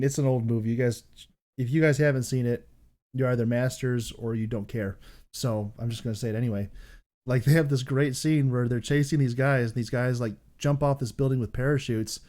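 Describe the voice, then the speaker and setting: A man co-hosting a casual podcast, rambling and animated, laughing often between his sentences. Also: medium pitch. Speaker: podcast co-host.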